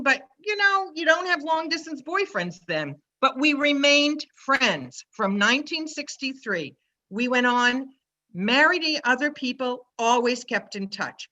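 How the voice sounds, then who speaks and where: An older woman in her seventies with a Boston accent tells a personal story in a chatty, lively way. Her voice sits a little high and sounds bright. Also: rough recording. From Massachusetts. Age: 70s. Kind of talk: personal story told to an online audience.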